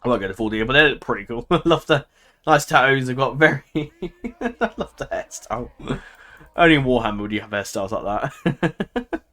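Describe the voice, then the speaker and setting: A gameplay commentator speaks in a medium-pitched, very animated voice that's brisk, bright, and forceful. His casual commentary is chatty and full of laughter as he thinks aloud and second-guesses himself.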